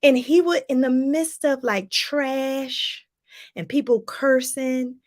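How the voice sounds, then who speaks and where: High-voiced emphatic woman life coach. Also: steady tone, takes it slowly. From Washington, D.C. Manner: emphatic, repeats phrases, talks straight to viewers. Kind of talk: motivational vlog talk.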